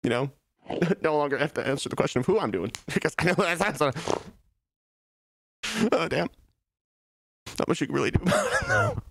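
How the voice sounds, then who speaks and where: A man streams from his office in a playful, mock-tragic mood, sighing about how hard life is and chuckling at his own bit. His voice sits a bit on the high side. The sound is dry and close, with no room echo. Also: huge pitch swings, fairly quick, creaky, pauses often, a bit bright, breathy edge. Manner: mock-melancholy, self-pitying comic bit broken by laughs. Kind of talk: casual live-stream chat. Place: office, sitting on a beanbag.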